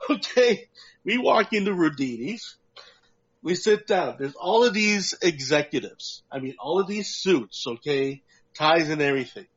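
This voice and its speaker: A man co-hosting a podcast, telling a long, profane, animated story about a prank with lots of laughter. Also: on the high side. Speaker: podcast co-host. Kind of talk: casual storytelling chat. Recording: muffled lo-fi audio.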